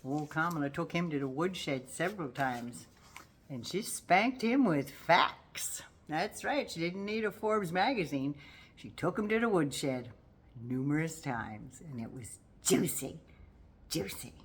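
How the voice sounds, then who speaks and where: A woman's voice: sits low, animated, a little slow, slightly rough. An older woman giving casual, folksy political commentary to her viewers in a sassy, teasing way.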